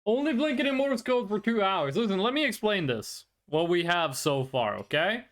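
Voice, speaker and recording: Playful streamer with a lively, swooping voice. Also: medium pitch. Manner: playful, chatty, quick to laugh. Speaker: VTuber streamer. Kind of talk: casual live-stream chat with viewers.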